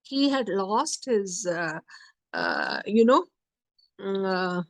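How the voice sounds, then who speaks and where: A woman teaching a study circle, telling a story in a lively way and acting out the quotes. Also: mid-range voice, very slow, no echo. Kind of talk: storytelling lecture.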